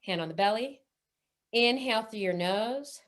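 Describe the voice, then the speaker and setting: A woman's voice: a little high, expressive, normal speed, a bit bright. A woman leading a breathwork webinar over a video call, coaching listeners and counting breaths aloud. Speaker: breathwork instructor.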